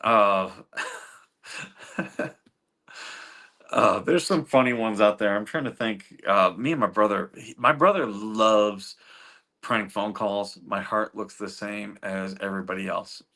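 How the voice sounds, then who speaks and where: A man's voice: lowish voice, slow pace, pauses often, bright, forceful tone. A middle-aged man hosting a livestream, chatting casually with viewers and rambling through stories with frequent chuckles and fillers. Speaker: livestream host reading chat.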